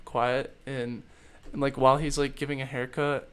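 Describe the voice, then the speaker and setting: A young man talks loosely on his podcast, circling his point with fillers and restarts. His voice sits at an everyday middle pitch. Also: flat delivery, normal speed, a bit bright, clear, resonant tone. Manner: rambling, many fillers. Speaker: podcast host. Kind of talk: casual chat.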